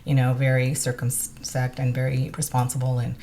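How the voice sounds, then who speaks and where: A woman's voice: extremely low pitch, monotone, moderate pace, mellow, a little hiss or hum. A woman, a longtime teacher, chatting as a podcast guest and animatedly telling stories, acting out the voices of people she quotes. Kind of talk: casual interview chat.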